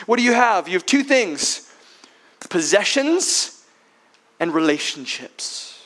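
A man's voice: sits high, a bit bright. A man preaching a sermon as pastor who keeps asking his listeners rhetorical questions, often ending with tag questions.

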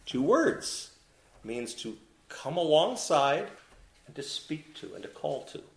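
Animated man preaching in an echoey room. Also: mid-range voice. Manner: animated preaching with rhetorical questions to the congregation. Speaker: pastor. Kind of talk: sermon.

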